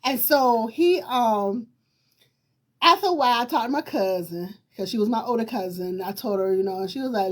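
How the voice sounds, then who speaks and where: A middle-aged woman from Virginia hosts a talk show and tells a personal story straight to her viewers. Her voice sits high, and her telling is lively and emphatic. Laughter often breaks into her words. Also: moderate pace.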